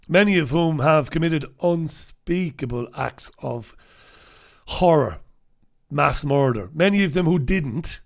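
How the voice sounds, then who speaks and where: A middle-aged man, hosting a casual, humorous newspaper review, full of irreverent swearing and chuckling asides. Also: fairly high pitch.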